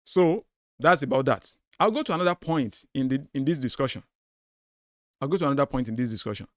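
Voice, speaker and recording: A man's voice: medium pitch, expressive, brisk, dry recording, studio quality. A man hosting a commentary on a debate clip, emphatic and repeating his points to drive them home. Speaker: host of a commentary video.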